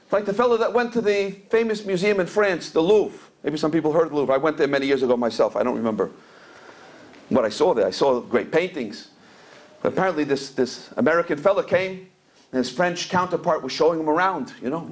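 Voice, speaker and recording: A man's voice: on the high side, a little fast. A middle-aged man, a rabbi, giving a storytelling Torah lecture and mixing Hebrew and Yiddish terms into English. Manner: storytelling, repeats words while searching for a phrase. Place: community center event hall.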